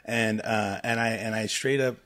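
A man in his thirties, a guest on a casual podcast chat, swearing freely and telling animated stories. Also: on the low side, normal speed. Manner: profane, animated storyteller who mimics people.

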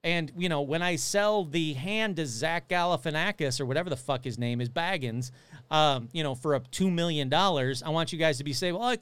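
A man talking casually on a live stream, rambling and swearing freely as he reacts to the chat. His voice sits a little high and sounds smooth and clear. The sound is dry and close, with no room around it. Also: normal speed, fairly bright tone, dry recording. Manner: chatty, swearing, reads chat aloud. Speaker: livestream host.

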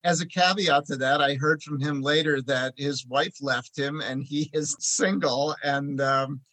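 A man's voice: a little high, measured pace. A man from Philadelphia who works as a tax preparer, telling road-trip stories as a guest in a conversational interview. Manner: chatty anecdotal storyteller, animated when telling jokes.

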